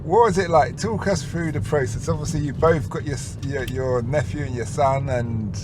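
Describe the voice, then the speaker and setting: A man's voice: a little high, moderate pace, background noise. A man hosting a casual podcast interview inside a car, upbeat and asking follow-up questions. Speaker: podcast host. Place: inside a car on a city street.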